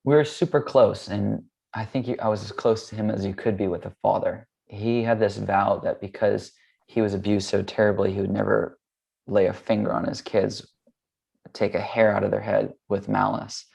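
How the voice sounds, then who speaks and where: A man's voice: fairly low pitch, steady tone, moderate pace, gravelly, darkish tone, breathy edge. A man from the United States, a yoga teacher, telling a personal story in a candid, casual way with loose fillers.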